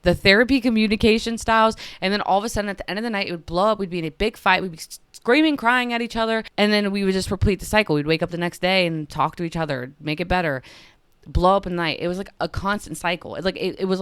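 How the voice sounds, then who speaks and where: Smooth-voiced young woman telling a story. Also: on the low side, no room sound. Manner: casual confessional, lots of "like" fillers. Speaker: podcast host. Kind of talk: personal storytelling podcast.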